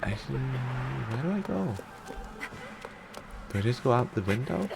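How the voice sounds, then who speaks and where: Speaking in a medium-pitched, gravelly, sing-song voice, a streamer from Denmark gives unhurried, casual gameplay commentary in a Danish accent. He reads the game's text aloud, giggling often, over a very noisy recording with background music.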